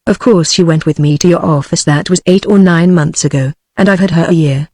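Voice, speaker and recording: A woman's voice: sits low, fairly quick, dry recording, studio quality. A text-to-speech voice of a woman with a British English accent reading the lines of an anxious female singer, with no change of voice. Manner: flat synthetic reading of dialogue.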